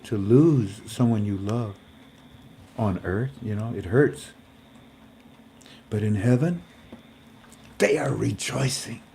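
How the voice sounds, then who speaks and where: A man's voice: lowish voice, dark tone, slight background noise. A man hosting a casual, faith-based livestream in a folksy, rambling way, talking to his viewers as family. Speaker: host.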